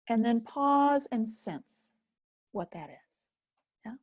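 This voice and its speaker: A woman teaching a guided self-help lesson, speaking gently and slowly with many pauses. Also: fairly high pitch, expressive, no room sound. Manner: gentle, slow and pausing, speaks as if to a listener. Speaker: focusing teacher.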